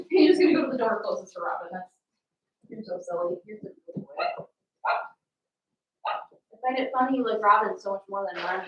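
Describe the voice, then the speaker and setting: A woman's voice: mid-range voice, fairly quick, long pauses, highs cut off. Dog lady chatting on a stream, lots of ums, echoey room, kinda far from the mic. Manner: chatty, explains with many ums, coos at the dogs. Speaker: dog breeder hosting a livestream. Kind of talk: casual chat with the dogs. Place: home, among the puppies and dogs.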